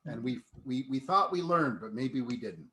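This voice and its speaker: A man hosting a podcast, reflecting in a relaxed conversational way. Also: mid-range voice, moderate pace. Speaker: podcast host. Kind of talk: casual podcast talk.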